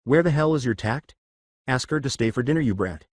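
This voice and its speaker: A man voicing a loud, brassy mother who scolds and teases. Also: medium pitch, animated, fairly quick, breathy edge, no echo, studio quality. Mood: scolding. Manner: scolding, teasing.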